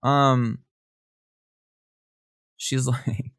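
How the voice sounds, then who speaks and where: A man hosting a casual podcast, reading texts and firing off gossipy reactions. His voice sits in an ordinary middle pitch. The sound is close and dry, with no room echo. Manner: animated, gossipy, reads texts aloud with quick asides and laughs. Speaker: podcast host.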